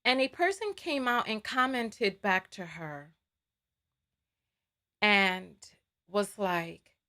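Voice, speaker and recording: A woman's voice: medium pitch, slow, bright, forceful tone. A woman hosting a live commentary stream, heated and indignant, repeating her words. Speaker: livestream host.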